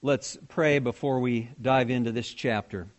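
A man's voice: medium pitch, fairly even intonation, a little slow. A man preaching a sermon as pastor, talking conversationally and putting questions to his congregation.

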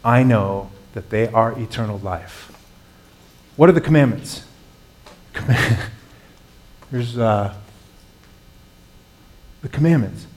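A man's voice: lowish voice, slow, pauses often. A man, a pastor with young children, preaching a sermon in an earnest, conversational way, rising into emphatic passages.

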